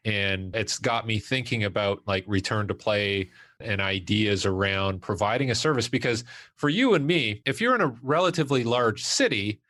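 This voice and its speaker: A man's voice: fairly low pitch, a bit bright, no room sound. A middle-aged man talking as a podcast guest, thoughtful and rambling, with fillers and restarts. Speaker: guest, sports performance consultant. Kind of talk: casual podcast conversation.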